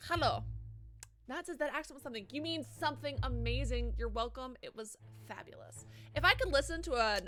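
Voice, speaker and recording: A woman streaming a game live, chatting casually with excitable, self-mocking swearing. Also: high voice, brisk, faint music behind. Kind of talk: casual live let's-play chat.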